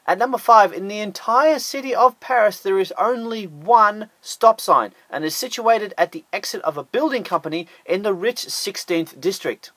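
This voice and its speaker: A man's voice: high-pitched, normal speed, hardly any pauses, a bit bright, no echo. An Australian man narrating a scripted top-ten list with sarcastic, jokey asides.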